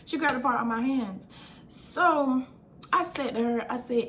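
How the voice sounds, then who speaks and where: A young adult woman vlogger telling a storytime in a casual, slangy, animated way, acting out what people said. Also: high voice, unhurried, a little hiss or hum. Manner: animated, slangy, acts out quotes.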